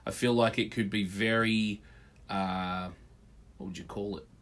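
A man's voice: on the low side, fairly even intonation, a little slow, a bit bright. A man in casual podcast chat, laid-back and swearing freely as he acts out quoted lines.

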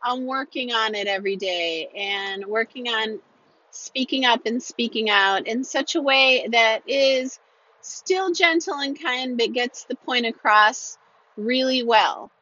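A woman's voice: on the high side, slow, bright, forceful tone. A woman telling a personal story in an earnest, emphatic way, repeating phrases to drive her point home. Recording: dull lo-fi recording.

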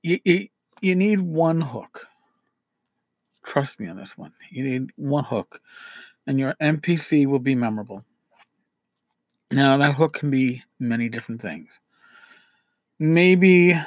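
A man with a rather high voice talks through tabletop game-mastering tips in a loose, rambling way, repeating himself and poking fun at himself as he goes. The sound is dry and close, with almost no room in it. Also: no echo. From New York City. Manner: rambling, self-deprecating, with frequent restarts. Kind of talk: casual advice talk.

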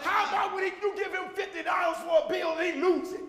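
A man preaching a sermon as pastor, with a Southern American accent, shouting and repeating refrains to a responding congregation. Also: extremely high pitch, steady tone, quick pace, crowd noise. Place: church sanctuary with congregation. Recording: echoey hall recording.

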